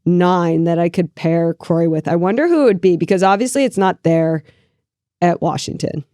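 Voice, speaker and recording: Animated woman co-host thinking aloud. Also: fairly low pitch, normal speed, dry recording, clean studio sound. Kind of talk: casual chat.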